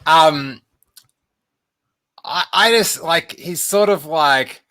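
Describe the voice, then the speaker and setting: A man's voice: on the high side, extremely slow, bright, forceful tone, dry recording, studio quality. A man hosting a livestream podcast in a casual, playful, rambling chat. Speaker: podcast host.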